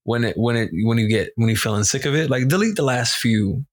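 A man's voice: mid-range voice, brisk, no echo, studio quality. A man co-hosting a podcast, chatting loosely in slangy banter. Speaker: podcast co-host. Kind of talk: casual chat.

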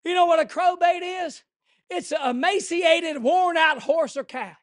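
A man preaching a fervent sermon, swinging from hushed lines to shouting. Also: very high voice, measured pace, no echo, clean studio sound.

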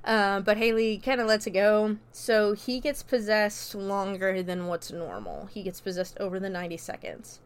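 A woman's voice: mid-range voice, expressive, moderate pace, hardly any pauses, clean tone. A woman casually recapping a movie plot in a chatty, loose way, full of "like" and "you know" and freely dropping swear words. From America. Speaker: movie reviewer.

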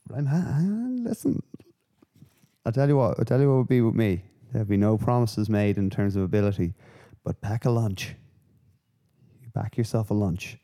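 A man hosting a podcast, rambling through casual, sweary, animated rants. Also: fairly low pitch, moderate pace. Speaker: podcast host. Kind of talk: casual chat.

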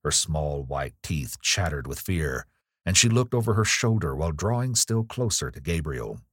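A man narrating a gothic ghost story in a measured, somber tone. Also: rumbling low, very animated, a bit bright, dry recording, clean studio sound. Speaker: audiobook narrator. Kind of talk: scripted narration.

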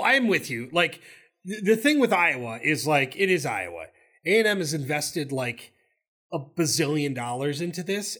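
A man with a Southern accent, co-hosting a casual sports talk show and cutting in with animated opinions. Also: a little high. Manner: animated, talks over his co-host. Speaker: co-host.

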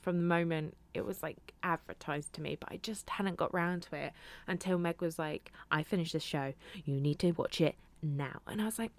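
Lively woman with a low voice. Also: moderate pace. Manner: animated, swears casually, laughs while telling stories. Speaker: podcast co-host. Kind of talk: casual chat.

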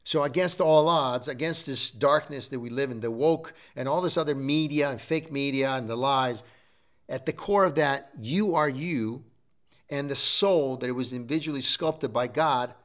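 A man's voice: medium pitch, moderate pace, fairly bright tone. A middle-aged man hosting a show, giving a preachy motivational talk full of repeated exhortations. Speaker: show host.

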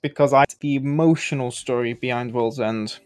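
Relaxed young man chatting on a podcast. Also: medium pitch, normal speed, clear, resonant tone, dry recording, studio quality, faint music behind. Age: young adult. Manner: relaxed, chatty, swears, does voices. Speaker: podcast co-host. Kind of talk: casual chat.

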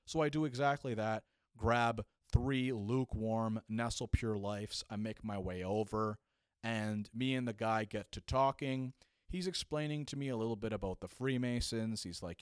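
Young male storyteller, casual and animated, acts out voices, dead-dry recording. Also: on the low side, moderate pace, no echo. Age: young adult. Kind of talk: comedic storytelling.

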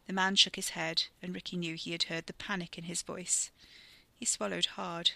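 A storyteller narrates in a vivid, steady way, in a very bright and sharp voice with a gravelly grain. The recording is dry and close, with no room sound. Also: medium pitch, normal speed, no echo. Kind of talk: scripted narration.

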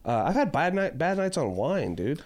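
A man co-hosting a podcast in casual chat, telling an animated story full of swearing and acted-out voices. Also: on the high side, normal speed. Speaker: podcast co-host.

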